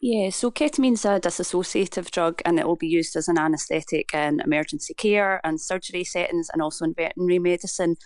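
A woman guest on a radio interview, explaining calmly and informatively. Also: lowish voice, fast, hardly any pauses, no room sound, studio quality. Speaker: charity programme manager guest.

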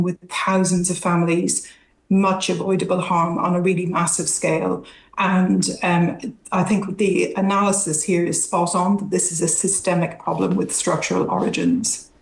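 A woman's voice: fairly low pitch, level tone, moderate pace, vocal fry, roomy sound, poor audio. A woman academic expert giving careful, analytical answers in a news interview, with some hesitations.

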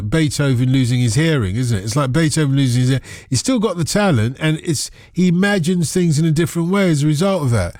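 A man's voice: fairly high pitch, darkish tone, no echo, studio quality. A man hosting a radio phone-in, chatting casually and teasing callers with thinking-aloud asides. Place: radio studio.

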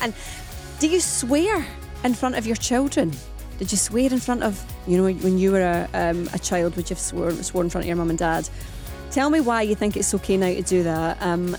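A woman's voice: medium pitch, darkish tone. A woman hosting a live radio phone-in, chatty and firing questions at listeners.

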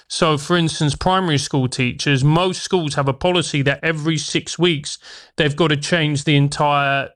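A man's voice: a little high, steady tone, moderate pace, a bit bright. A man, a former teacher turned comedian, speaking as a guest in a radio interview, articulate and emphatic.

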